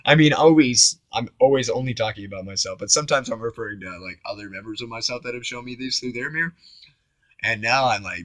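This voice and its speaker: A man rambling through a spiritual self-reflection, musing aloud, with his voice shifting between loud and hushed. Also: medium pitch, fast, no echo. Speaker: vlogger. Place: home on Maui.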